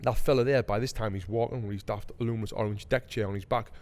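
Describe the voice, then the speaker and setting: A man's voice: lowish voice, fairly even intonation, fast talker, big-room sound. A man, telling a story in a casual podcast chat, swearing freely and acting out quotes with heat. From England. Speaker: podcast host.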